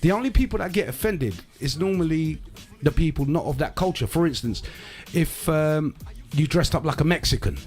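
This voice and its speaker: A man's voice: fairly high pitch, expressive, moderate pace, few pauses, a little mellow, faint music behind. A man hosting a live podcast in casual chat, talking emphatically with rhetorical asides. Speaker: podcast host.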